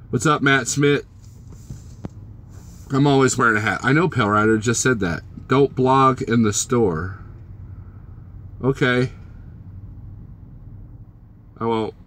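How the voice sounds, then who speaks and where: A man's voice: lowish voice, a bit bright, a little hiss or hum. A man vlogging as a truck driver, casually chatting and joking with his live-stream viewers and teasing them by name.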